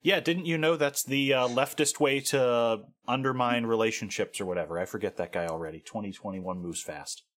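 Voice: medium pitch, a little fast, few pauses, a bit bright. A podcast co-host in casual chat, telling band history with dry, sarcastic asides. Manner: dry sarcastic asides, laughs at own jokes.

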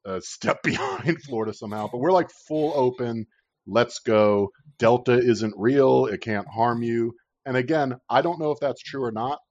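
On a casual political chat podcast, the male host lets loose with sarcastic rants and plenty of swearing. His voice sits on the low side, captured in a dry, dull, lo-fi recording.

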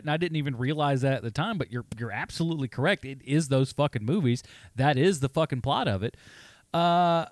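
A man's voice: fairly high pitch, dry recording. A man co-hosting a movie podcast, laid-back and profane, laughing often in casual chat. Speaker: podcast co-host.

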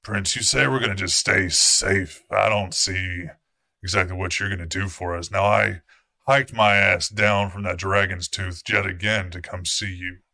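A man playing a huge, gruff vampire brute. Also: low voice, steady tone, normal speed, pushed and bright, dry recording, clean studio sound, exaggerated voice. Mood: defiant. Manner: gruff and challenging, crude words. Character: huge, crude, defiant male vampire elder.

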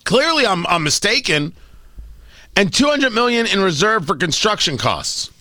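A man's voice: sits high, very animated, moderate pace, bright, forceful tone, dry recording. A male talk radio host giving commentary in a sarcastic, mocking, exasperated way.

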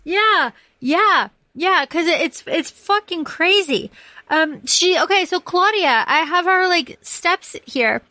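A woman hosting a podcast, talking casually in an animated, profane way, with lots of fillers and restarts. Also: very high voice, takes it slowly, no room sound. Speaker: podcast host. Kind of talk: casual chat.

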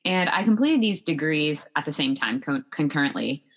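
A woman's voice: low-pitched, very animated, normal speed, fairly bright tone. A woman being interviewed as a guest, answering in an earnest, reflective way with frequent fillers. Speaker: guest, math professor.

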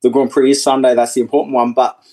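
A man's voice: medium pitch, flat delivery, fast talker, mellow. A man in his forties, a former motorcycle racer, chatting easily as a podcast guest over a video call, laughing often. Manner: easygoing, chatty, laughs often, many restarts. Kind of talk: casual podcast chat.

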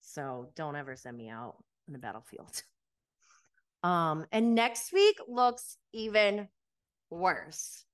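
This woman's voice sits on the low side, with lively intonation and a slow pace. Hosting a podcast, she recaps reality TV in an animated, casual way, laughing often and filling her speech with "like."

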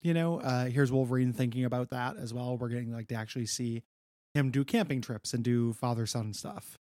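A man's voice: mid-range voice, fairly even intonation, fairly quick, a little mellow, dry recording, clean studio sound. A man co-hosting a casual podcast, recapping a comic book in a chatty way with stammered repeats and casual swearing. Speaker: podcast co-host.

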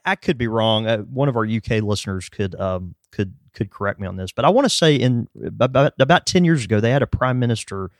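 A man's voice: lowish voice, animated, brisk, hardly any pauses, no echo, clean studio sound. A man co-hosting a podcast, explaining at length in casual chat, with lots of fillers and hedges. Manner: rambling, hedging with fillers. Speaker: podcast co-host.

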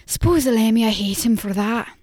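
A woman's voice: fairly high pitch, moderate pace, no room sound, studio quality, lightly acted. Woman doing a gossipy rustic old peddler woman. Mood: gossiping. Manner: rustic, chattering, loud and emphatic. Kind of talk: audiobook character voice.

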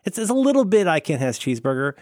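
Playful man with lively pitch. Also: very fast, no echo, studio quality. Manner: playful, laughs often, rambling asides. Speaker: podcast host. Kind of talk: casual chat.

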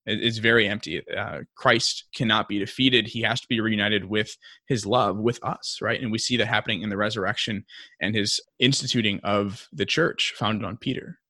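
A man's voice: fairly low pitch, moderate pace, bright, forceful tone, no echo, clean studio sound. A young man co-hosting a casual podcast discussion, talking in a chatty way with lots of fillers and restarts. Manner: chatty, many likes and restarts, acts out quotes. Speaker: podcast co-host.

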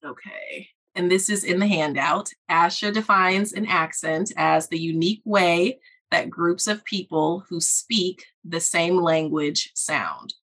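Measured woman explaining accents. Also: fairly low pitch, fairly bright tone. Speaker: guest speech-language pathologist. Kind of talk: podcast interview.

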